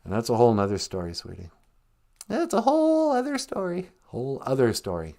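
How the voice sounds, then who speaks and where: A man from Minnesota hosting a casual, jokey live-stream podcast, sounding out words slowly and carefully. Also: medium pitch, wildly swooping pitch, creaky, dark tone. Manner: playful, jokey, teaches words with slow careful pronunciation. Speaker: podcast host.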